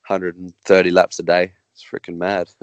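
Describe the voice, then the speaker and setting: An Australian man, a guest racer, chatting casually on a podcast in a halting, rambling way with many restarts. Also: low voice, little pitch movement, no room sound, dull audio.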